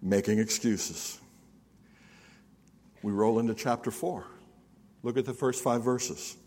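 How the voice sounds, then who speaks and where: An older man, a pastor preaching an animated sermon, swinging from loud to hushed and calling on the congregation to answer. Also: medium pitch, slow. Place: church sanctuary. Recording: long hall reverb.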